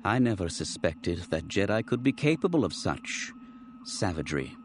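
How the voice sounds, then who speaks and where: A man doing a thin, shrill, nervous colonel. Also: big pitch swings, moderate pace, slight background noise. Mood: fragile. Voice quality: thin, fragile, going shrill. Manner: nervous, rising to shrill outbursts. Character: thin-voiced, panicky small plump male colonel.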